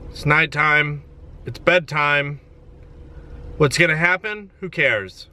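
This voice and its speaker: Young guy joking about himself in a van vlog, highish bright voice. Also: takes it slowly. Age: 20s. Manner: self-mocking, swings into shouted melodramatic wails. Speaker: comedian vlogger. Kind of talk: comedic vlog monologue. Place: inside a van.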